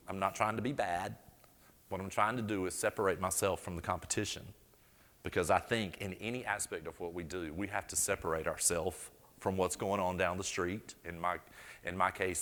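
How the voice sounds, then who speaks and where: A man's voice: low-pitched, a bit bright, in a large hall. A man from North Carolina with a Southern accent, presenting a floral design demonstration in a chatty, storytelling way with folksy asides. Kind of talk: live demonstration talk. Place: event hall before an audience.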